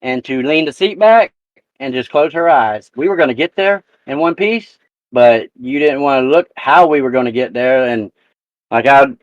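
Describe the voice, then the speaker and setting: A man hosting a casual live talk show, spinning a profane, animated family story. His mid-pitched voice comes through dry and a bit dull, with no room sound. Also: no room sound. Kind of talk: casual chat.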